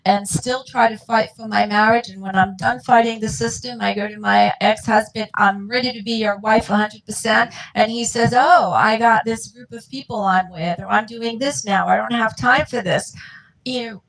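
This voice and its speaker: A woman's voice: on the high side, fairly even intonation, normal speed, gravelly, fairly bright tone, poor audio. A mother, a guest on the show, tells her family's story in an earnest, heartfelt way and acts out what people said. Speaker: guest, mother of a dyslexic child. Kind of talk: emotional personal storytelling.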